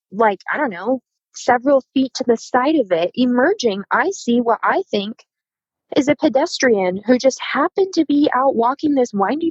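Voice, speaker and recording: A woman's voice: a little high, slightly rough, dry recording, dull audio. A woman in her thirties telling a dramatic personal story in casual conversation, acting out the voices of the people in it. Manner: animated, acts out quoted dialogue. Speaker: podcast guest.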